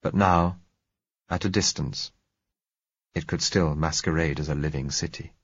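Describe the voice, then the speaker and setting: A man narrates a first-person story in a very deep, husky voice. His reading is measured and somber. The recording is dry and a little dull. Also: fairly even intonation, no room sound. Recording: dry, slightly dull audio.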